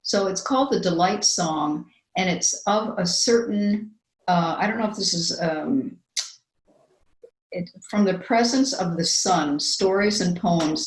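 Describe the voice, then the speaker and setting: An older woman co-hosting a chat show, talking earnestly with many fillers and restarts, and reading a poem slowly. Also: on the low side, echoey room, low-quality recording. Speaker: podcast co-host. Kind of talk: casual chat and slow poetry reading.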